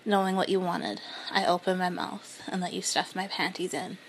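A woman reading a first-person story in a soft, breathy, unhurried whisper. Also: fairly low pitch, slight background noise. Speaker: narrator.

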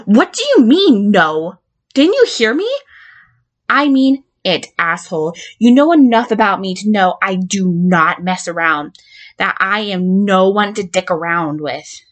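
A woman with a mid-range voice, animated and a little slow, plays a patient who blackmails her therapist in an audio drama monologue. Stammering and swearing, she moves between threats and pleas in a furious, threatening mood.

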